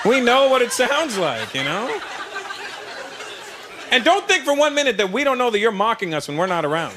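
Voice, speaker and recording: Brief: male stand-up comedian, teasing the crowd, high pitch, noisy live club recording. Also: big pitch swings, moderate pace, pauses often. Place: comedy stage before a live audience.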